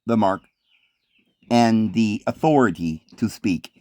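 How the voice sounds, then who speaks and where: A man's voice: on the low side, takes it slowly, a little mellow, dry recording, clean studio sound. A man giving a sardonic, meandering video commentary.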